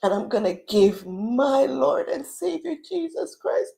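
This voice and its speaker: Woman livestream host, tearful and preaching, warm and slow. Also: high-pitched, big pitch swings, vocal fry. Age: adult with children. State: crying at times. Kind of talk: emotional livestream talk.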